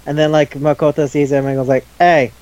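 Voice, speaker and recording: A man's voice: on the high side, level tone, quick pace, dark tone, clear, resonant tone, muffled recording. Chatty enthusiastic man reviewing anime. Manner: enthusiastic, rambling, laughs often, acts out scenes. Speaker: podcast co-host. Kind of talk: casual anime review chat.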